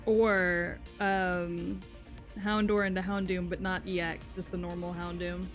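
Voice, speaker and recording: A woman's voice: fairly low pitch, level tone, measured pace. A tired young woman streaming a card game, grumbling and swearing in exasperation as she chats with viewers. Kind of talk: casual live-stream chatter while playing. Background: faint music.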